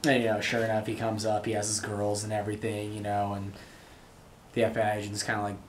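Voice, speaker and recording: A man's voice: on the low side, completely flat delivery, fast talker, a little hiss or hum. A young man hosting his own show, rambling through a casual monologue full of fillers. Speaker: show host. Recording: roomy echo, faint ambience.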